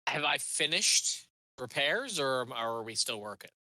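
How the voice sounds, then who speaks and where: A man's voice: mid-range voice, very animated, moderate pace, pushed and bright, no room sound. A man playing a tabletop game, speaking hesitantly and apologetically. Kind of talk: casual play.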